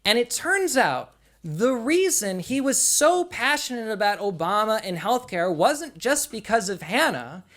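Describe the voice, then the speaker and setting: Animated young man telling a story. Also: high-pitched, a little slow. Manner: animated, conversational, lots of "like". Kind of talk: live personal storytelling.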